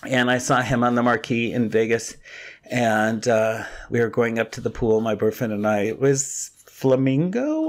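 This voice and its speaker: A man's voice: medium pitch, a little slow. An older man hosting a podcast, telling his own stories in a chatty, rambling, gossipy way. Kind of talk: casual storytelling monologue.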